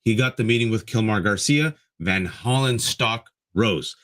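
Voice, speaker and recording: A man co-hosting a political talk show, ranting fast and mocking politicians in sarcastic voices. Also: on the low side, a bit bright. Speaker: co-host. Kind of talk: heated political commentary.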